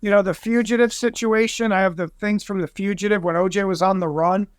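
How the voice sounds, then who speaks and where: A man guesting on a podcast, telling a story in an excitable, rambling way and acting out other people's voices. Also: sits high, brisk. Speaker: guest investigator. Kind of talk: animated storytelling in conversation.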